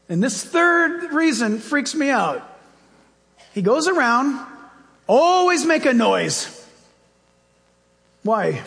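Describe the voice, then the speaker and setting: A man, a pastor, preaching a sermon with animated storytelling and acted-out dialogue. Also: very high voice, slow pace, gravelly, pauses often, big-room sound.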